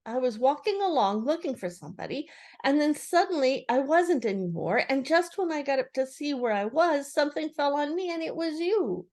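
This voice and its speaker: A woman voicing a timid tiny male piglet with a squeaky high voice, talking nervously in a storybook reading. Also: sing-song, normal speed, a little mellow. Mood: fretful. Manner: nervous, trembling.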